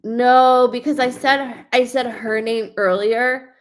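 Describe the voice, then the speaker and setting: A woman's voice: on the high side, fairly even intonation, slow. A woman medium giving a live psychic reading, rambling and swearing, often restarting her sentences. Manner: rambling, profane, frequent restarts.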